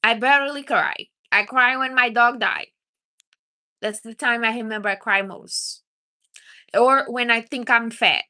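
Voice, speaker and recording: Bright-voiced woman giving blunt advice. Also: a little high, a little slow. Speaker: livestream host. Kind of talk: casual livestream chat.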